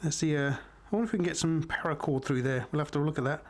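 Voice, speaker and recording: A middle-aged man with a slightly raised voice reviews a knife in a relaxed, unhurried way. He keeps turning to his viewers with friendly asides. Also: fairly high pitch. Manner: chatty, unhurried, addresses viewers as guys. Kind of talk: casual product review.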